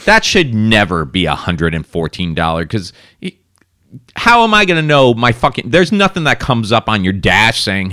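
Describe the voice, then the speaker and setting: A man's voice: medium pitch, big pitch swings, a little fast, pushed and bright, dry recording, clean studio sound. A man from South Florida, co-hosting a podcast, telling a rambling and profane story in casual chat. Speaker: podcast co-host.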